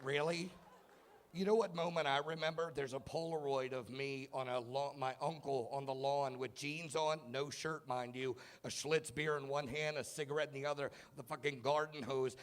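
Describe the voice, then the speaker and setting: A man's voice: medium pitch, a little hiss or hum. Wry stand-up comedian, man in his thirties. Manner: wry, self-mocking storytelling with shouted punchlines. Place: comedy club stage. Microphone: handheld stage mic.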